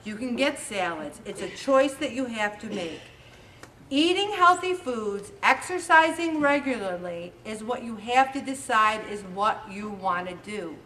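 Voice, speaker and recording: High, bright woman in an echoey room. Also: unhurried. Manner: animated, acts out quotes with lively voices. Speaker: weight-loss group leader. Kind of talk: motivational talk to a group. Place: meeting room with an audience. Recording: echoey room recorded from a distance, faint hiss.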